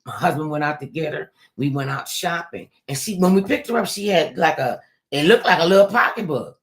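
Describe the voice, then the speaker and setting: Animated older woman telling a story. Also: fairly quick. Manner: animated, acts out quoted voices with big pitch jumps. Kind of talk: casual storytelling interview.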